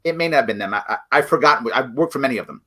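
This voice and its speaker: A man's voice: medium pitch, expressive, rapid-fire, bright, forceful tone. A middle-aged man hosting a livestream political commentary show, talking bluntly and emphatically straight to his viewers.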